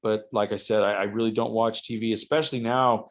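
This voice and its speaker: A man, a wrestler being interviewed, telling rambling stories with halting restarts. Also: lowish voice, steady tone. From United States. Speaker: guest, professional wrestler. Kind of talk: casual podcast interview. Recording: slightly dull lo-fi audio.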